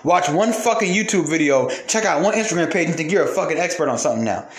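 In a noticeably echoey room, a podcast host with a high voice launches into a heated, profane monologue, fast and expressive. Openly angry, he drives his points home by repeating phrases.

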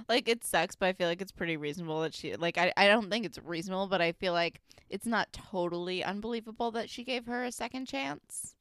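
A young woman co-hosting a casual podcast, talking in an animated, hedging way and laughing often. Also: mid-range voice, no echo, clean studio sound. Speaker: podcast co-host. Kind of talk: casual chat.

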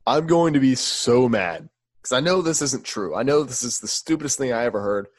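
A young man co-hosting a casual sports podcast, jumping in with emphatic, incredulous reactions. His voice sits at a middle pitch for a man. The recording is dry and close. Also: expressive, fairly quick, slightly rough, no room sound. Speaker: podcast co-host.

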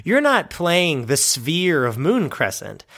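A man's voice: fairly high pitch, very animated, slow pace, a bit bright. A man co-hosting a podcast, improvising in casual chat, loose and rambling, with lots of fillers and swearing. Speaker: podcast co-host.

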